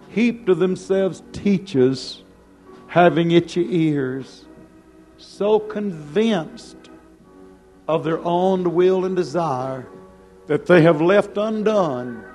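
A male preacher with a somewhat high voice drawing out every phrase at an unhurried pace. He pleads and exhorts with rising passion, and soft music plays faintly behind him. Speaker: pastor. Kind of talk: sermon.

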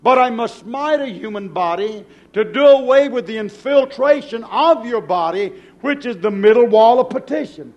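Preacher, male, high voice, fervent sermon full of rhetorical questions. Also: animated, normal speed, few pauses, a little mellow, muffled recording.

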